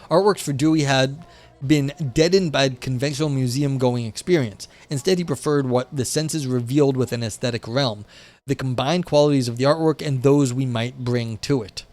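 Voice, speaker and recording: A man's voice: medium pitch, a little mellow. A man hosting a livestream, chatting casually with viewers and reading a philosophy text aloud, with lots of fillers. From United States, south of the New England area. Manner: chatty, responds to chat, many fillers. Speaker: livestream host.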